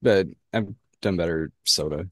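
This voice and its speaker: A man's voice: sits low, a little slow, no echo, studio quality. A laid-back man with a slight Southern Indiana accent co-hosting a casual talk show, making short wry remarks. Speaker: podcast co-host. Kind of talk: casual chat.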